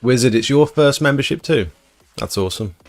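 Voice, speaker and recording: A man's voice: medium pitch, animated, brisk, soft background music. A British man hosting a livestream, chatting casually and answering viewers' questions as they come in. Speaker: livestream host. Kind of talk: casual live chat.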